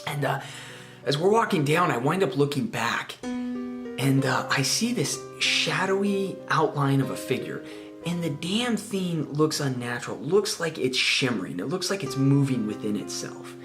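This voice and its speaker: A man's voice: mid-range voice, animated, a little slow. A man in his twenties from Spokane telling a childhood story in casual, rambling speech, repeating words and asking "right?" as he goes. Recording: roomy, faint guitar music.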